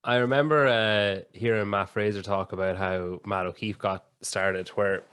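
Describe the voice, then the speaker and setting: A man's voice: on the low side, fairly even intonation, normal speed, fairly bright tone, clear, resonant tone, no room sound. A man hosting a casual podcast, asking long, laid-back, rambling questions. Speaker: podcast host.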